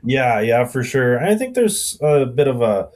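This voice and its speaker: A man's voice: mid-range voice, big pitch swings, normal speed, a little mellow. A man with a Canadian accent, a blacksmith guest chatting casually and rambling with lots of fillers on a podcast. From Alberta, Canada.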